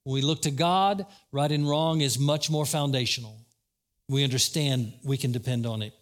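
A man preaching a sermon as pastor, animated, acting out quotes and calling out questions to the congregation. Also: medium pitch, moderate pace.

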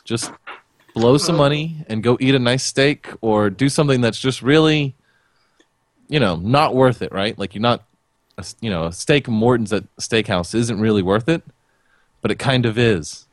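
A man's voice: medium pitch, moderate pace, no echo, studio quality. A young man co-hosting a casual podcast chat, blunt and swearing freely. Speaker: podcast co-host.

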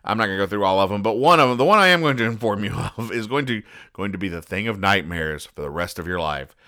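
A man hosting a comedy show, reading comic strips aloud and explaining the jokes in a wry, deadpan way. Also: on the low side, fast talker. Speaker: host.

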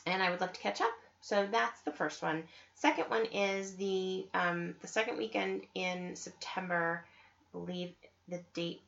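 A woman with a lowish, gravelly yet fairly bright voice hosts a knitting podcast in casual chat. She sounds chatty and enthusiastic, dropping lots of ums and side remarks, recorded in slightly dull lo-fi audio.

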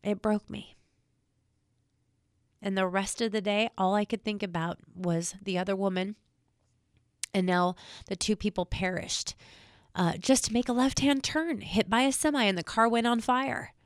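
A woman in public safety speaking straight to viewers, emotional and near tears, earnest and halting, repeating words as she talks. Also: medium pitch, dry recording, clean studio sound. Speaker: state trooper spokesperson. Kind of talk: emotional direct-to-camera talk.

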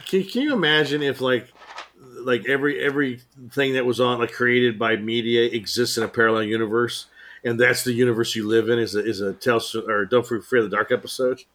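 A man's voice: medium pitch, fairly even intonation, a little fast, a bit bright. Rambling, jokey man on a podcast. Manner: rambling, stumbles and restarts, jokey. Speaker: podcast co-host. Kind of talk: casual chat.

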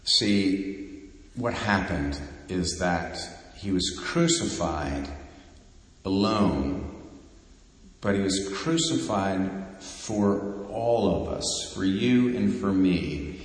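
A man preaching a sermon, slow and deliberate, building to fervent emphasis. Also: low voice. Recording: echoey hall with long reverb.

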